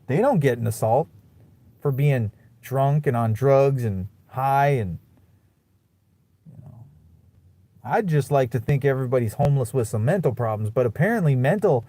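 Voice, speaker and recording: A man's voice: medium pitch, lively intonation, moderate pace, long pauses, mellow, no echo. A young man ranting bitterly to camera in a casual vlog, muttering and then flaring into profane outbursts. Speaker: vlogger.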